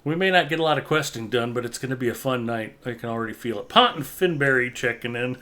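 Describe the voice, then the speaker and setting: A man's voice: medium pitch, fast talker, bright, forceful tone. A middle-aged man chats casually as host of a gaming livestream. He tells stories with a dry, joking wit, in an everyday mid-range voice. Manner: joking, wry anecdotal storyteller. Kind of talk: casual chat while gaming.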